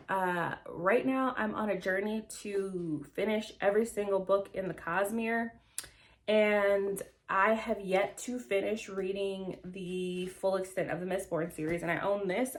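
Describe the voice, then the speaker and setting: Young woman book vlogger, rambly and chatty, lots of ums, laughs at herself, mid pitch. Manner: rambling, chatty, self-mocking, many fillers and restarts. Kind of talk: casual chat to camera.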